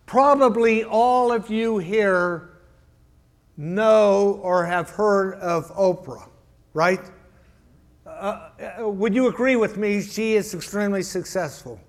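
A man's voice: high-pitched, fairly bright tone. A man preaching a sermon in a church, telling a joke and often repeating words as he restarts. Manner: stammering repetitions, storytelling. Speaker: pastor.

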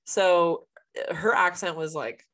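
A woman with a Western Canadian accent tells a story on a casual podcast. Her voice sits a little low, and her delivery is animated and frank, with frequent laughter. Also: a little slow. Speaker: podcast co-host.

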